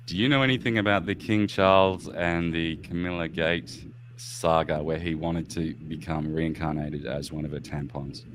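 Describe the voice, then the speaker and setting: A man's voice: rumbling low, fairly even intonation, moderate pace, fairly bright tone, slight background noise. A man hosting a live-stream podcast, chatting in a rambling way, laughing often and swearing freely. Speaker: podcast host. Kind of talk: casual live-stream chat.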